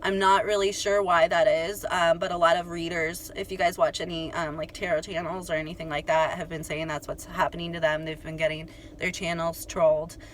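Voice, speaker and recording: A young woman telling a story to her viewers in a chatty, animated way, full of "like" and "you guys". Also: lowish voice, fairly quick, few pauses, slight background noise. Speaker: astrology channel host.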